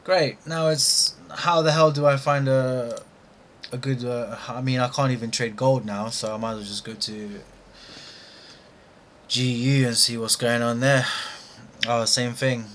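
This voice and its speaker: A young British man talks slowly over his live trading session, muttering to himself in slangy, half-frustrated asides. His voice sits at an ordinary middle pitch. A faint hiss of room noise runs underneath. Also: steady tone, fairly bright tone. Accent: British English. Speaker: trading streamer.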